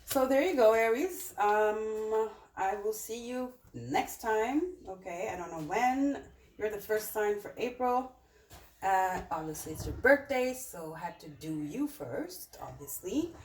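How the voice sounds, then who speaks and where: A woman's voice: mid-range voice, animated, measured pace, distant mic. A woman talks her way through a tarot spread in a loose, rambling way, full of fillers and restarts. She sits a little away from the microphone, so her voice sounds roomy. A faint noise stays underneath. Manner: chatty, rambling, with many fillers. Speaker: tarot reader. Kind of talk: casual tarot reading.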